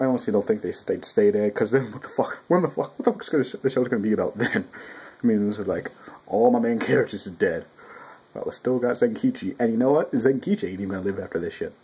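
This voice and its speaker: A man's voice: lowish voice, husky, poor audio. A young man reviewing a manga chapter in a casual, rambling, profane way, at home with his cat nearby. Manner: profane, rambling, animated quoting.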